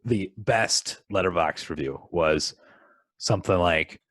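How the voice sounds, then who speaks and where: A man's voice: deep voice, takes it slowly, a bit bright, dry recording. A man co-hosting a film podcast in casual chat, talking hesitantly with plenty of ums and likes. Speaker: podcast co-host.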